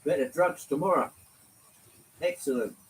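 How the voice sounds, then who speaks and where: An English man with a slight London lilt hosts a relaxed live stream, talking in a somewhat higher register. He chats easily, greets viewers one by one, and drops the odd mild swear word with a laugh. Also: normal speed, low-quality recording. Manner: chatty, greets viewers by name, swears lightly, laughs often. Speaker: livestream host. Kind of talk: casual live-stream chat.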